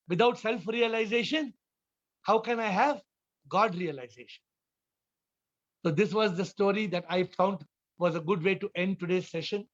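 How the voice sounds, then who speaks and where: A man giving a spiritual talk on a video call, telling stories and acting out the characters in lively voices. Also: high-pitched. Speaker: spiritual teacher. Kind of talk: Zoom talk with story-telling. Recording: dull lo-fi video call audio.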